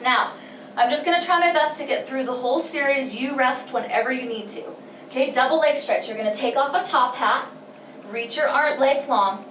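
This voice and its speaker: A woman's voice: high-pitched, a little hiss or hum. A woman leading a pilates workout, counting breaths and reps in an encouraging way, slightly out of breath. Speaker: pilates instructor. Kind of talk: guided workout instruction. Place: home workout space. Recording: echoey room, mic at a distance.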